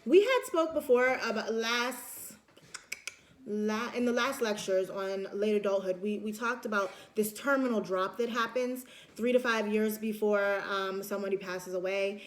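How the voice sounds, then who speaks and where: A woman's voice: mid-range voice, unhurried, slight background noise. A woman giving a casual recorded lecture, chatty, acting out everyday examples with lots of fillers and restarts.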